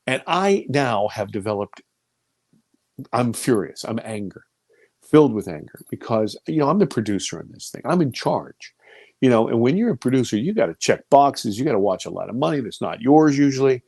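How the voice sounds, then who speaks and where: A man in his fifties telling a personal story as an interview guest, voice leaping high when he quotes himself and sinking low and hushed when he recalls fear. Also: normal speed, slightly rough, no echo. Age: 50s. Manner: animated, voice rising high for quoted speech and dropping low and quiet for fear.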